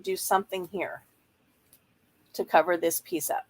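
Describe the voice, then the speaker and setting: A woman's voice: fairly low pitch, steady tone, unhurried, low-quality recording. A woman chatting casually while she works on a craft project, thinking aloud and explaining each step as she goes. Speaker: journaling crafter. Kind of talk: casual craft tutorial chat.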